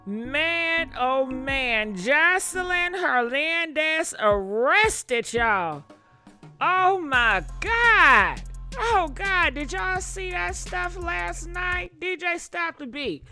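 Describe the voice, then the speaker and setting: A woman's voice: very high-pitched, drawn-out words, faint music behind. A woman hosting a live gossip show, exclaiming and talking straight to her viewers. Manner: animated, exclamatory, talks to chat directly.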